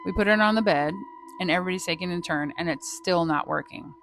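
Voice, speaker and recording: A woman with a fairly low voice tells a ghost story in a casual vlog, lively and dramatic and swearing freely. A clear background ambience hums under her voice. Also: fast, a little hiss or hum. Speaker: vlogger telling a ghost story.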